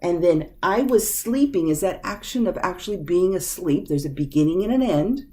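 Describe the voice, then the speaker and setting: A woman teaching an English grammar lesson, speaking patiently and deliberately and repeating each example sentence. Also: lowish voice, lively intonation, warm tone. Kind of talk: slow, clear grammar lesson.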